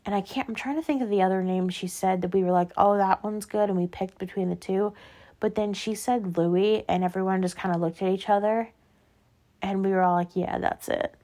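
A woman's voice: mid-range voice, fairly even intonation, a little fast, mellow. A young adult woman hosting her own show, chatting casually and rambling through stories with lots of "like" and tangents. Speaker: podcast host. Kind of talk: casual solo chat.

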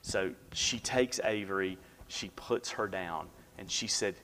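A man preaching a sermon, telling a personal story and dropping to a hush for the quiet moments. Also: deep voice, a little slow. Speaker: pastor. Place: church sanctuary. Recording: long hall reverb.

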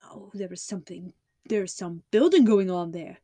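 A woman's voice: medium pitch, expressive, normal speed, dark tone, no echo, close to an everyday voice. A woman doing a cool-headed male detective. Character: keen, commanding male detective, calm and cool.

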